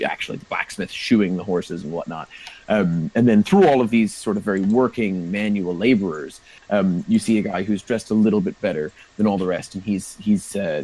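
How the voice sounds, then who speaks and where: Guy running a tabletop game, laid back, lots of ums, kinda low voice. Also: breathy edge, rough recording. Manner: relaxed, meandering, many fillers. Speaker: game master.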